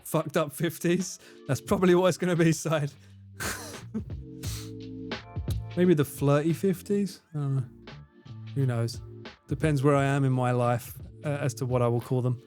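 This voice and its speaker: A British man in his forties hosts a livestream from a room at home with the air conditioning running, casually reading and answering viewer comments, swearing freely and laughing often. His voice is fairly high and slightly mellow, with fairly even intonation and a measured pace, pausing often over faint background music.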